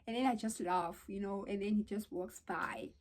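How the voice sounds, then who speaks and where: A young South African woman tells a story to her viewers in a casual vlog. She talks in an animated, exclamatory way, at a middling pitch for a woman. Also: moderate pace. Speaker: vlogger.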